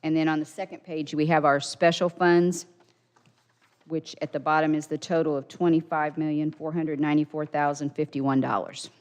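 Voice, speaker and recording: Lowish voiced woman running a council meeting, reads out numbers, all business, echoey hall. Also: level tone, moderate pace. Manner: businesslike, reads figures aloud. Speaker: council president chairing meeting. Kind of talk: procedural meeting chairing. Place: county council chamber. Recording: hall reverb.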